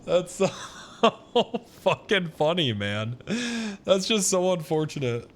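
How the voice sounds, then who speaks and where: Lively laughing male streamer. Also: high voice, slight background noise. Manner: profane, laughing often, quick to mock outrage. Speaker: livestreamer. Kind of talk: casual livestream chat with viewers.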